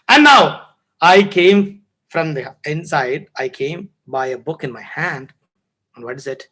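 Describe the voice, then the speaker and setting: Casting: a male teacher, high-pitched, storytelling live. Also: a little slow, slightly rough, rough recording. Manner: lively storytelling, acting out scenes and greeting viewers. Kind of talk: live online lesson.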